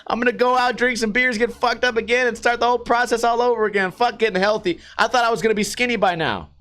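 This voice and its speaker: A man's voice: very high-pitched, steady tone, fast, a bit bright. A man hosting his own podcast, ranting casually and profanely with a mocking edge. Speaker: podcast host. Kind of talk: casual rant. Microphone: podcast microphone.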